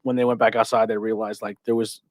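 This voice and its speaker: A man's voice: fairly low pitch, little pitch movement, fast, dry recording, studio quality. A man chatting casually as a podcast co-host, blunt and joking, with frequent swearing. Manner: blunt, swears often, jokey. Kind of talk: casual chat.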